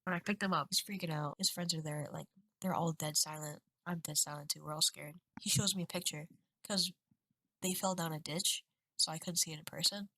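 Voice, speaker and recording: A young woman in her twenties vlogs into her webcam at home, rambling and emotional as she talks through a hard stretch. Her voice sits low yet sounds bright and forceful. The room is dry, with little echo. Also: steady tone, brisk. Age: 20s. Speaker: vlogger. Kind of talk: confessional webcam vlog.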